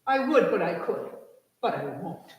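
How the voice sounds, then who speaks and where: A woman's voice: mid-range voice, sing-song, moderate pace, lo-fi sound, close to an everyday voice. A woman voicing a pompous, haughty male train engine in a children's story read aloud in an echoey church hall. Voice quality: haughty, dismissive.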